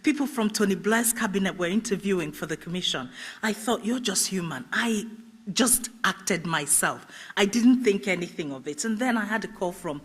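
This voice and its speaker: A middle-aged woman telling her life story as a festival speaker, animated and laughing often as she acts out what people said. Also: mid-range voice, normal speed, husky. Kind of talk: personal storytelling talk. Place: festival stage.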